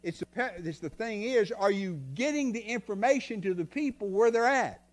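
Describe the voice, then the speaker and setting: An older man preaches from the pulpit in a folksy, story-driven way. His voice sits high for a man and swings from quiet, confiding asides to loud bursts. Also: lively intonation, normal speed. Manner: folksy, tells stories, swings from soft to loud. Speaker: guest preacher. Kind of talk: sermon. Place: church sanctuary.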